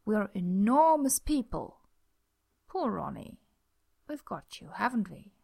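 A playful, flirtatious team leader who teases gently and keeps his voice low and soft, as a woman narrator puts him on. The voice carries a gravelly edge at mid pitch. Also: very animated, slow pace, heavily acted. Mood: teasing. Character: charming, teasing grown man team leader.

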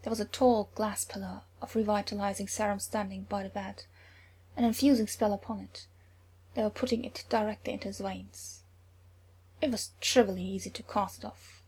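A woman reading a story aloud in a soft, often whispered narration. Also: mid-range voice, fairly even intonation, moderate pace. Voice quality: very breathy.

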